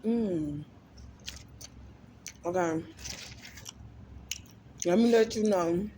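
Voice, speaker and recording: Slow-talking woman chatting while eating. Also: on the low side, mellow, slight background noise. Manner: talks between bites, with lip smacking and hums; chatty, chats to viewers. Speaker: mukbang vlogger. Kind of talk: casual eating vlog chat.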